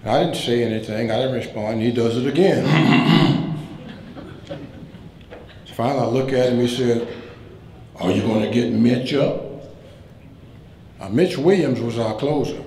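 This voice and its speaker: A man giving a keynote speech at a banquet, telling funny stories in a relaxed way and acting out the lines of the people in them. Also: mid-range voice, normal speed, pauses often. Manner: relaxed anecdotal telling, acts out quoted lines. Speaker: keynote speaker. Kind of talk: humorous after-dinner storytelling speech. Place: banquet hall. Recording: roomy hall sound, faint room noise.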